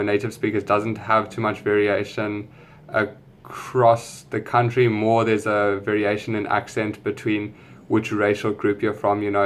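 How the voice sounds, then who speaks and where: A young man with a white South African English accent, chatting casually through an accent tag video in a relaxed, rambling way with lots of fillers. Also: lowish voice, a little hiss or hum. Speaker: vlogger.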